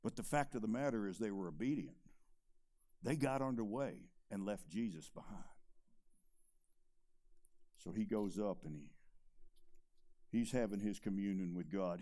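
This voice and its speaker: A preacher man who delivers a sermon, swinging between loud emphatic stretches and quiet, low asides.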